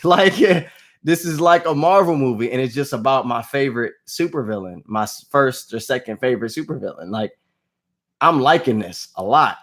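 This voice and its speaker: A man talking casually to his vlog audience, reviewing a movie with animated outbursts and low asides. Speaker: movie vlogger.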